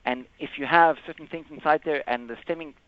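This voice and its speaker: A man presenting a live software demo in a webinar, explaining step by step and often correcting himself. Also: on the high side, no room sound. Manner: halting, explains step by step with frequent self-corrections. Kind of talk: live screen-share product demo. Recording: dull lo-fi webinar audio.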